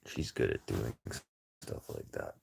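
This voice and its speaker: A man's voice: rumbling low, a little slow, gravelly, darkish tone, husky. A man livestreaming a casual, rambling chat with viewers over a phone, talking in a blunt, profane way.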